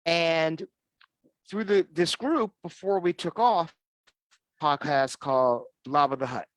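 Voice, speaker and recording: A man hosts an online fan-group show, chatting casually and enthusiastically, rambling and often restarting sentences. His voice sits on the high side and he takes it slowly. There's no room sound.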